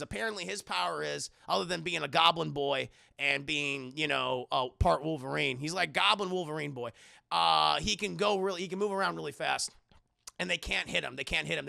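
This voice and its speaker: A man recaps an anime episode for his live chat in a very gravelly, tense, bright voice. He swears freely and keeps jumping into the characters' lines. The recording is close and completely dry. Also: a little high, no room sound. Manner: profane, animated, acts out every character. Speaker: anime reviewer.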